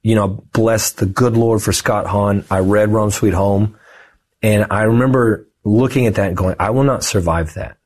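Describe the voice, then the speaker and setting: A man in his thirties talks through a personal story as a podcast guest. His voice sits low and has a husky edge. He keeps it casual and animated, slipping into the voices of the people he quotes. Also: moderate pace. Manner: animated, lively storyteller who acts out quoted dialogue. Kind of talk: conversational storytelling.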